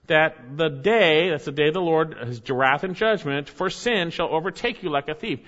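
A man preaching a sermon with earnest emphasis, often dropping his voice low and soft to stress a point. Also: animated, moderate pace, few pauses. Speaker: pastor. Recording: dull sound with long hall reverb.

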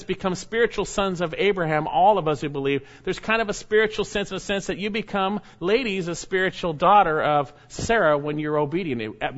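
A man's voice: a little high, a bit bright, dull audio. A man, a pastor, preaching a sermon verse by verse, reading scripture aloud and adding emphatic asides to his listeners.

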